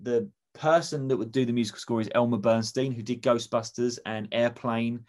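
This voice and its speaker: A man's voice: medium pitch, fairly even intonation, moderate pace, a little mellow. A man chatting casually, rambling enthusiastically with many restarts. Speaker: podcast co-host. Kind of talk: casual comedic chat.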